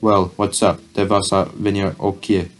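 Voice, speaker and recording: Blunt weary smuggler guide, read by a man, deep and flat, spoken in a storybook reading. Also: moderate pace, a little hiss or hum, close to an everyday voice.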